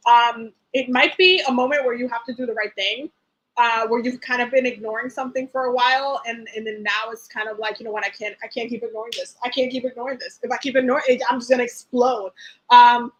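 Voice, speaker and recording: A high-pitched woman talks through a live tarot reading in a loose, chatty way. She rambles with many fillers and restarts, and she acts out the feelings she describes in an animated way. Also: rough recording. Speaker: tarot reader.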